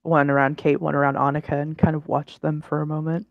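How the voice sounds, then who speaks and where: A player at a tabletop game, narrating their characters' hugs and smiles in a gentle, descriptive way. The voice is gravelly with plenty of fry, and the sound is dry and dull, with no room around it. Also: mid-range voice, flat delivery, fast, no room sound. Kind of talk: casual role-play narration.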